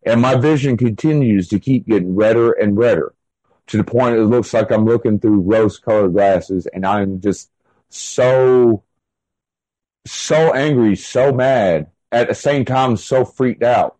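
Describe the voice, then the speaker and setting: A man's voice: mid-range voice, a little slow, warm tone. A man with a mid-range voice tells a long personal story as an interview guest. He talks casually and rambles, leaning on fillers like "like" and restarting his sentences. The recording is dry, with no room echo.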